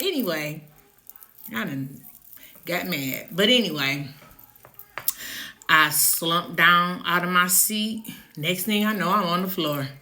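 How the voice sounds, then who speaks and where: A woman telling a personal story in a casual storytime vlog. She speaks with animated emphasis, jumps high when indignant, and drops to a hush for the tense parts. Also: slow, long pauses. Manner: drops to a hushed, low voice when recounting the tense moments; uses colloquial slang.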